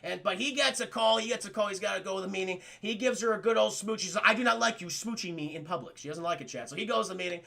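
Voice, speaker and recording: Very high-pitched, gravelly-voiced man. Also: rapid-fire, few pauses, sharp tone. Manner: rambling, profane, addresses chat often, laughs a lot. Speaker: film reviewer streaming to chat. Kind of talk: casual spoiler review chat.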